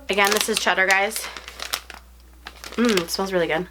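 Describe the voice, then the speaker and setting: A young woman vlogging an unboxing, talking casually and gushing with excitement. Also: medium pitch, moderate pace, noisy background. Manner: gushing, breathless and effusive.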